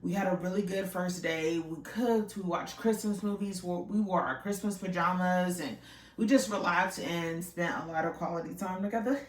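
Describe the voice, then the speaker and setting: A woman's voice: fairly low pitch, normal speed, roomy sound, distant mic. A young woman casually telling a rambling, emotional storytime, swearing freely and acting out what people said.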